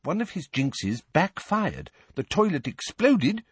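A man's voice: on the high side, takes it slowly, breathy edge, no echo, pitched above the performer's own voice, heavily acted. A man voicing a kindly middle-aged wizard father, chatty and evasive, in an audiobook reading. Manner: chatty, animated.

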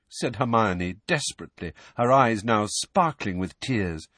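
A man reading a novel aloud with expressive storytelling. His voice is husky and moves a lot in pitch. The booth sounds dry and close. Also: unhurried, few pauses, no room sound. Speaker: audiobook narrator. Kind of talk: scripted narration.

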